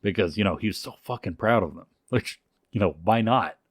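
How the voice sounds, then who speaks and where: A man co-hosting a podcast, telling a story in casual, profane, animated talk. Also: on the low side, a little fast, breathy edge, no room sound, clean studio sound. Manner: animated, profane, full of restarts.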